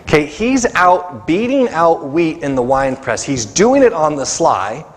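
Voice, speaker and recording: A man's voice: fairly high pitch, very animated, unhurried. A male pastor preaching a sermon in a church sanctuary, talking conversationally and acting out the voices he quotes. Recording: long church reverb.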